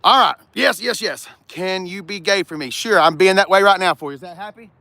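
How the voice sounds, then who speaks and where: A man's voice: high-pitched, fairly quick, pushed and bright, no room sound. A man from the Southern United States with a Southern accent, rambling jokily through a casual vlog at a car lot and getting sidetracked. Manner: rambling, easily sidetracked, jokey. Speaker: car vlogger.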